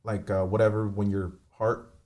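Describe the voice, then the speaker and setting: A man on a remote call telling a painful personal story, halting, with many fillers and restarts. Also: lowish voice, little pitch movement, a little mellow. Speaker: podcast guest.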